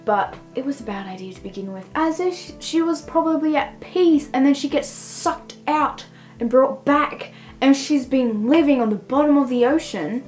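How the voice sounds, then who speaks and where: A young woman with a somewhat high voice rambles through a casual book review, throwing "like" into nearly every thought. Faint music sits quietly under her talk. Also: low-quality recording. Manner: rambling, heavy use of "like".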